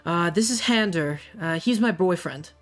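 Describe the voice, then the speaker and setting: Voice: medium pitch, lively intonation, normal speed, fairly bright tone, lightly acted. Game master doing a breezy teenage sister.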